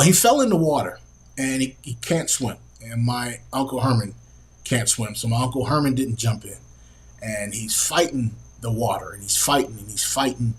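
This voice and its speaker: A middle-aged man hosting a podcast, telling a family story in an earnest, halting way with many pauses and fillers. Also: medium pitch, poor audio. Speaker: podcast host. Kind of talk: personal storytelling.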